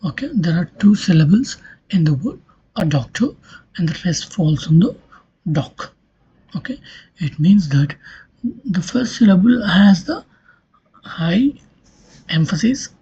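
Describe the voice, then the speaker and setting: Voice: mid-range voice, expressive, a little slow, long pauses, mellow, husky, lo-fi sound. A linguistics lecturer giving a recorded online lesson, explaining step by step and often checking in with "okay".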